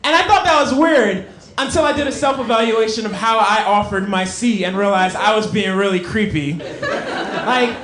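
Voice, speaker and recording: A young adult man doing a stand-up set on a comedy club stage, telling stories in an animated way and breaking into emphatic shouts. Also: high voice, moderate pace, background noise. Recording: echoey club with crowd laughter.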